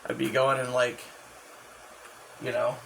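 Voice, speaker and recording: A man in a casual rambling monologue, profane and halting, full of restarts and fillers. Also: mid-range voice, completely flat delivery, vocal fry, fairly bright tone, a little hiss or hum, poor audio. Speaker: channel host.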